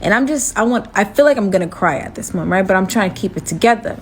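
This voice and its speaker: A woman recounting a wild date in a relaxed storytime manner. Her delivery is animated and dramatic, leaping upward when she acts out her own reactions. A faint hiss sits under the voice. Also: quick pace. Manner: animated, dramatic, jumps high when quoting herself. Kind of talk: casual storytime.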